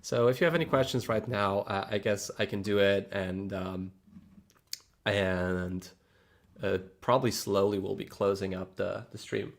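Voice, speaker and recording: A man's voice: fairly low pitch, steady tone, a little slow, vocal fry. A man hosting a casual livestream, reading viewer messages aloud and thanking members in a loose, rambling way with many fillers. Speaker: livestream host.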